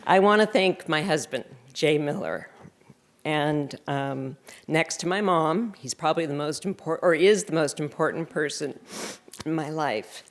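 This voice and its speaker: A woman's voice: deep voice, animated, a little slow. A woman in her fifties giving a wry, self-deprecating acceptance speech at a library reception. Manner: sarcastic, self-deprecating humor. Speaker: award recipient giving thanks.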